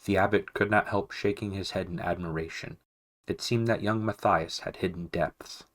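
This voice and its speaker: A man narrating a children's novel aloud in a calm, measured reading. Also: low-pitched. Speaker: audiobook reader. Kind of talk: storybook narration.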